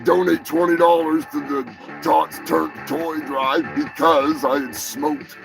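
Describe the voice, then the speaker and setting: A man hosts a live show with a high, gravelly voice. He talks slowly, moving from mock-solemn confession to shouted, swearing fury. Faint music sits behind him. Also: steady tone, rough recording. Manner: swings from slow mock-solemn to shouted profane rage. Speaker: podcast host. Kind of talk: mock-apology comedy rant.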